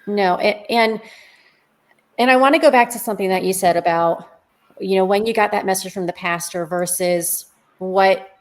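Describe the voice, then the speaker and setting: A woman's voice: mid-range voice, normal speed. A woman co-hosting a faith podcast, speaking in a reflective, explanatory way with rhetorical questions. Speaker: podcast co-host. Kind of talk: conversational faith podcast talk. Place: podcast studio.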